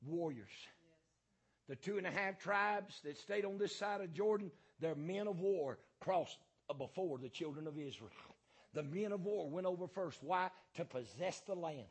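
A man preaching a fiery sermon as pastor, hammering points through repetition and filling pauses with "uh" and "um". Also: sits high, creaky, slightly rough.

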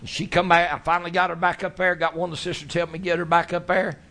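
A man preaching a sermon, telling his stories in a folksy, animated way. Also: high voice, fast, creaky. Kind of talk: sermon storytelling.

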